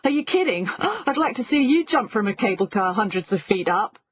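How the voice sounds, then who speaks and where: A woman's voice: mid-range voice, lively intonation, normal speed, husky, no room sound, dull audio. A woman voicing a boastful man who chases thrills in an audiobook scene, speaking defensively. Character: adult man, a client, boastful thrill-seeker.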